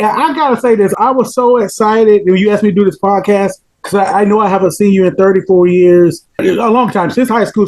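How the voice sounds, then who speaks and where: A man in his fifties with a Southern Georgia accent, telling stories as a podcast guest in an animated way, laughing often. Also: high-pitched, rough recording. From Pelham, Georgia, US. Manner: animated, laughs often, repeats words when excited. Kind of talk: casual storytelling interview.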